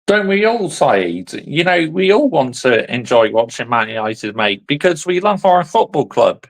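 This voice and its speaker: A man's voice: a little high, big pitch swings, moderate pace, poor audio. A man hosting a football channel, chatting casually in short asides as he reacts to a fan's video. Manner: laid-back, chatty, answering the clip in short asides.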